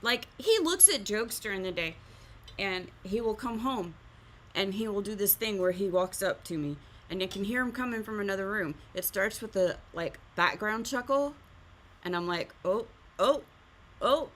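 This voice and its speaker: A woman's voice: mid-range voice, animated, normal speed, a bit bright, a little hiss or hum. A woman hosting a live art stream, chatting casually while teaching drawing and often laughing at herself.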